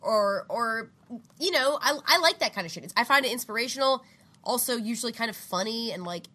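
A woman's voice: a little high, expressive, a little fast, sharp tone. Podcast co-host lady, playful, laughs easy, chatty about movies. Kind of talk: casual podcast chat.

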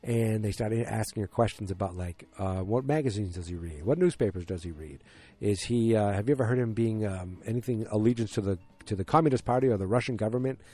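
A man with a lowish, mellow voice talks through a TV episode recap in a loose, casual way. He rambles, restarts sentences and leans on fillers, then picks up speed when the story gets tense. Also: brisk. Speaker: TV show recapper.

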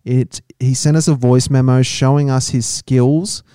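A man's voice: mid-range voice, steady tone, measured pace, dark tone, clean tone, no echo, clean studio sound. Laid-back Australian man co-hosting. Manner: laughs often, loose and jokey. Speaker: podcast co-host. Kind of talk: casual chat.

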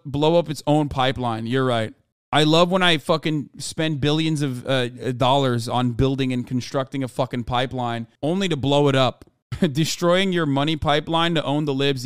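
A male streamer in mid-rant, sarcastic and profane, switching between quick read-outs of news articles and heated commentary. His voice is fairly high and smooth, with a crisp resonance. The sound is dry and close, with no room echo. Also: steady tone. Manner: reads chat comments aloud; fast when reading articles. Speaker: political streamer. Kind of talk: live-stream commentary, reading news aloud.

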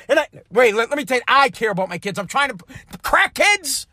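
A man, his voice strikingly high, rants bluntly and swears often. The recording is completely dry, with no room sound at all. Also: very animated, fairly quick, few pauses, bright, forceful tone, no echo. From United States. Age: adult. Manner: profane, blunt, heated. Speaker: speaker telling a personal story. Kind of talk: ranting monologue.

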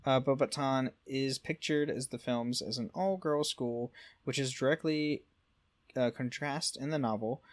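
A man's voice: mid-range voice, unhurried. A man co-hosting a casual podcast, reading through lore notes with frequent fillers and self-corrections. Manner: reads notes with frequent fillers and self-corrections, stumbles over French words. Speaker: podcast co-host.

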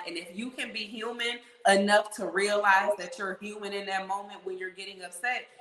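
A woman telling a story in casual podcast chat, animated and blunt, acting out the voices of people in it. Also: mid-range voice. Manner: animated, acts out quoted voices, swears. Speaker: podcast guest. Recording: roomy echo.

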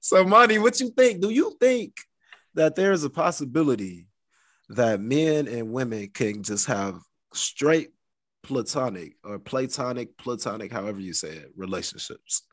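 A man's voice: mid-range voice, sing-song, moderate pace, a bit bright, no echo. Laid-back man co-hosting a podcast. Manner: laid-back, laughs often. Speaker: co-host. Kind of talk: casual podcast chat.

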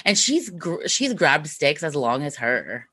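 A woman's voice: low voice, big pitch swings, a little slow, a bit bright, breathy edge, no echo. A woman co-hosting a casual podcast, telling stories with laughter and sarcasm. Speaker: podcast co-host.

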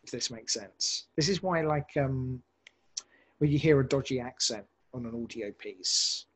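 A man, a podcast director, talking casually in an interview, animated and rambling with many restarts. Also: medium pitch, a little slow, husky, poor audio.

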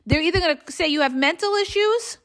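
Very high, animated, and fairly quick, this middle-aged woman's bright voice carries her casual podcast monologue. As host and relationship coach, she speaks bluntly with heavy emphasis and keeps asking "okay?"

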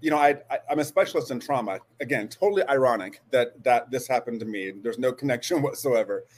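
Earnest man telling a story, halting. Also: mid-range voice, lively intonation. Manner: earnest, halting with frequent restarts. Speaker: guest. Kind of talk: storytelling interview.

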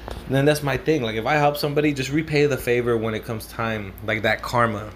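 A man's voice: mid-range voice, steady tone, a little fast, slight background noise. A young man from Southern California casually telling a story, rambling and swearing, slipping Spanish slang into his English.

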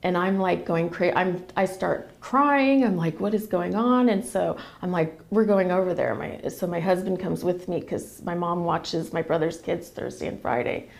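Woman with a gravelly creaky voice, chatty podcast guest, keeps acting out what everyone said. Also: on the low side, normal speed, hardly any pauses. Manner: animated retelling, acting out quoted dialogue. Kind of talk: casual storytelling.

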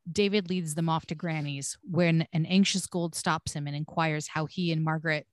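A woman's voice: sits low, steady tone, moderate pace, dry recording, studio quality. A woman co-hosting a podcast, reading scripted episode recaps with blunt, swearing asides.

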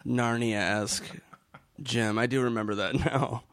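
A man's voice: mid-range voice, fairly even intonation, unhurried. A stand-up comedian chatting casually about his early days, loose, swearing and self-deprecating. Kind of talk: casual chat.

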